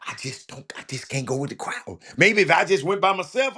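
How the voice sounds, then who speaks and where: A man hosting a casual talk show, rambling and stammering through comments with loud exclamations. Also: a little high, expressive, a little fast, few pauses, husky.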